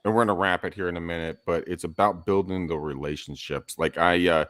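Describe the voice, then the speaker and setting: Deep-voiced man coaching listeners. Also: steady tone, a little fast, a bit bright, no echo, studio quality. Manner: emphatic, coaching tone, profane at times. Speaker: podcast co-host. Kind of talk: casual podcast chat.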